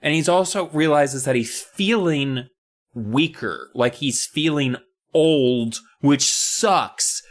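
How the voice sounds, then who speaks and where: A man's voice: mid-range voice, animated, slow. A man co-hosting a podcast, casually recapping a spooky book in a chatty, joking, swearing way. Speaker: podcast co-host.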